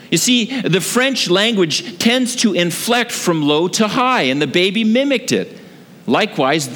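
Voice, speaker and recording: Animated male preacher in a reverberant hall. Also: sits high. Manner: animated storytelling with frequent fillers. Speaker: pastor. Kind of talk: sermon. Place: church sanctuary.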